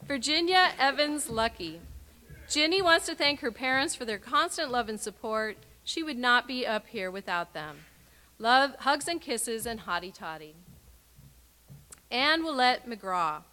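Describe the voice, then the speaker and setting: Her voice bright, forceful, and somewhat high, a woman reads out graduates' names and short messages at the ceremony. The delivery is expressive yet clear and measured, ending each with an emphatic sign-off.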